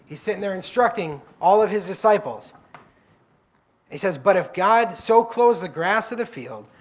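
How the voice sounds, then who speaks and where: A man preaching a sermon, telling the Bible stories in a conversational way and acting out the quoted lines. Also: high voice. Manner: conversational, acts out quoted prayers and dialogue. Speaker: guest preacher. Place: church.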